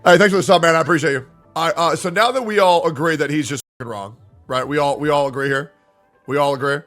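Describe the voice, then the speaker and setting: A man's voice: on the high side, fast, a bit bright, soft background music. A male livestreamer who argues with his chat and swears a lot. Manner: argumentative, profane, talks back to chat. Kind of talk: live-stream chat reacting to viewers.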